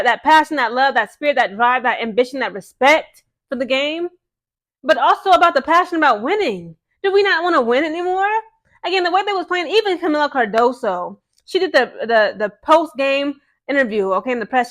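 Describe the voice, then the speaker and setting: A woman's voice: sits high, a bit bright. A woman vlogging as a sports fan, ranting in a casual, emphatic, exasperated way.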